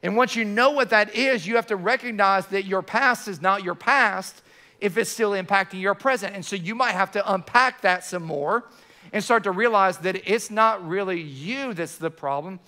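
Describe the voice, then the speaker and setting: A man preaching a sermon to his church, animated, often restarting his words. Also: high-pitched, normal speed. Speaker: pastor.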